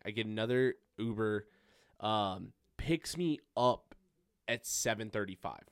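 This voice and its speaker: Young guy podcast host, cussing a lot, dry close mic, animated story. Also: fairly low pitch, a little slow, clear, resonant tone, no echo. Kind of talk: casual chat.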